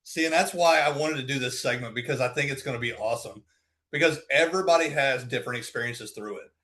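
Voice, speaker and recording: Fast-talking man co-hosting a podcast. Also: mid-range voice, a bit bright. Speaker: podcast co-host, former military instructor. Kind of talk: casual chat.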